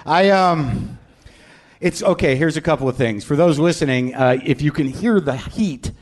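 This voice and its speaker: A man's voice: fairly high pitch, animated, normal speed, darkish tone. A man hosting a live comedy podcast in front of an audience, ranting in a profane, self-deprecating way. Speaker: host. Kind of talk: live stand-up podcast monologue.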